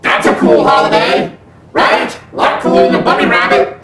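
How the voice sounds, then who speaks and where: A man telling a comic story in a sarcastic, profane rant, slipping into mock voices. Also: normal speed. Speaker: comedic vlogger telling a story. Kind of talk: comedic rant with acted dialogue. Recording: echoey room, heard from a distance, loud music behind. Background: loud music.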